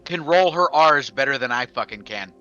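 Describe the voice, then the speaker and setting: A young tabletop player talks with brash energy and swears freely. His voice is sharp and bright and rises and falls a great deal, and his recording sounds dull and muffled. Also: mid-range voice, expressive, normal speed, clear, resonant tone, soft background music. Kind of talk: casual chat.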